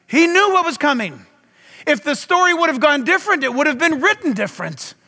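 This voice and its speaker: A middle-aged male pastor preaching a sermon with impassioned, loud delivery and dramatic swings in a large church hall. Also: very high voice, sing-song, brisk.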